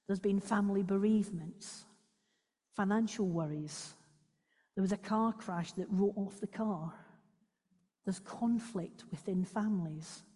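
A woman gives a devotional talk and reads aloud from a book, gentle and unhurried with small stumbles. Her voice is mellow and breathy. It rings with a long reverb. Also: mid-range voice. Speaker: devotional speaker.

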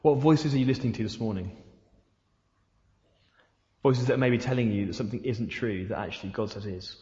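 A man's voice: on the low side, a little fast, mellow. Preaching man in an echoey hall. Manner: asks repeated rhetorical questions. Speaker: pastor. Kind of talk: sermon. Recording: echoey hall, dull sound.

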